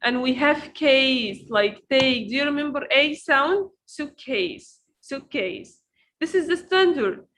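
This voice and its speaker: A woman teaching pronunciation in an online lesson, repeating each word slowly to drill it. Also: high voice, fairly bright tone, slight background noise, poor audio. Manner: slow, repeats words to drill them.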